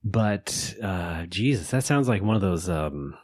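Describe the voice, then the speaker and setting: Deep-ish husky guy on a podcast, deadpan little jokes. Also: measured pace, no room sound. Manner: dry wisecracks and easy laughs. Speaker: podcast co-host. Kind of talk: casual chat.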